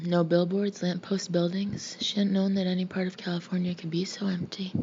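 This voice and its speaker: A woman reading a novel aloud in a measured, even manner. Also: fairly low pitch. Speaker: audiobook reader. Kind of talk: scripted narration. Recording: muffled lo-fi recording with faint hiss.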